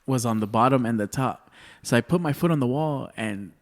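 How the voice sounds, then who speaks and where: A man's voice: medium pitch, a little fast. A man in his thirties, a comedian guest, rambling through stories in casual chat, cursing freely and calling everyone "dude.". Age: 30s. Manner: rambling storyteller, swears a lot, says "dude" often.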